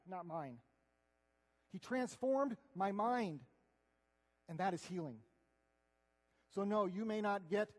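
A man giving an earnest, conversational sermon, swinging between loud declarations and hushed asides. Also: high-pitched. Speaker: preacher. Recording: long hall reverb.

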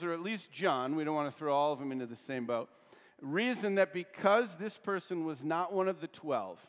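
A pastor preaching in a relaxed, conversational way and checking in with his listeners through rhetorical questions. His voice carries a long reverb, as if it fills a large church hall. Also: a little high. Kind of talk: sermon.

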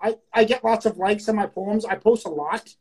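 A woman's voice: medium pitch, moderate pace, darkish tone, breathy edge. A young Canadian woman co-hosting a casual podcast, blunt and opinionated, swearing heavily. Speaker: podcast co-host. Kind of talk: casual chat.

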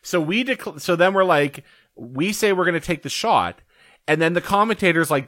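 Young male podcast co-host, fairly high voice, dry sarcastic delivery. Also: expressive, moderate pace, fairly bright tone, dry recording. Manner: exasperated, sarcastic commentary. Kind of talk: casual podcast chat.

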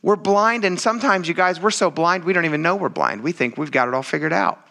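A man preaching a sermon in a casual, conversational way, often turning to his listeners and building to loud exclamations. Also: fairly high pitch, expressive, quick pace, gravelly. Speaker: pastor.

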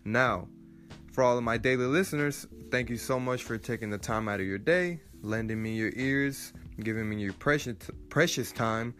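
A man's voice: medium pitch, moderate pace, soft background music. A young man hosting his own sports podcast, ranting angrily and swearing, his voice climbing in outrage. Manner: angry ranting, swears, rising to near shouts. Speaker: podcast host. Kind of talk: solo sports rant podcast.

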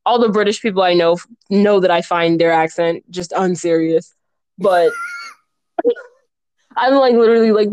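A woman co-hosting a casual podcast, telling animated stories, acting out the quotes and laughing often. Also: mid-range voice, moderate pace, no echo. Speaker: podcast co-host.

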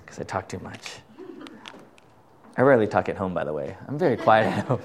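In a lowish, sing-song voice at a moderate pace with frequent pauses, a middle-aged man runs an informal Bible study. Talkative and fond of rhetorical questions and "right?", he often stammers, restarts, and chuckles.

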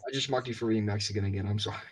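A man's voice: on the low side, steady tone, very fast, slightly rough. A man in casual chat with a friend, mocking and joking. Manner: mocking, jokey.

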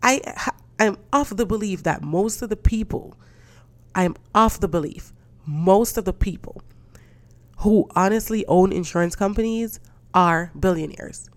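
A woman with a mid-range, unhurried voice hosts a podcast solo. She rants casually and indignantly, swearing freely, and tells stories in which she quotes other people's voices.

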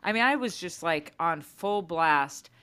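Animated mom telling stories on a podcast. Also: female voice, fairly low pitch, a little slow, clear, resonant tone. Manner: animated storytelling, acts out her kids' voices. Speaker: podcast co-host. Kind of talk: casual chat.

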